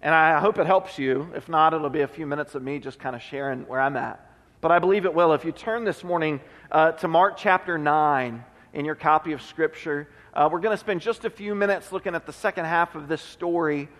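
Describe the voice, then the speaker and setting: A man's voice: on the high side, fairly quick, a bit bright. A man giving a sermon in a church, preaching in an earnest, conversational way with frequent restarts. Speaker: pastor. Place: church sanctuary. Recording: long hall reverb.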